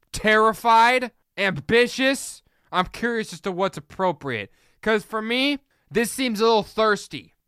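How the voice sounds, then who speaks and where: A man hosting a solo sports podcast, ranting in an animated, sarcastic way and rambling with self-corrections. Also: high voice, clear, resonant tone, no echo, studio quality.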